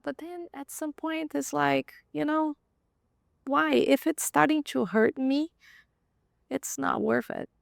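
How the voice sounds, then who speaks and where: A woman's voice: high-pitched, takes it slowly, creaky, no echo, clean studio sound. A woman who is a podcast guest, talking reflectively and a little hesitantly in a casual roundtable chat. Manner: reflective, hesitant, with frequent ums.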